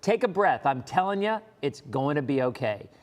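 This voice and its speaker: A man's voice: a little high, sing-song, moderate pace, in a large hall. A middle-aged man, a meteorologist giving a live weather update, reassuring and emphatic, repeating points. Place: live stream studio.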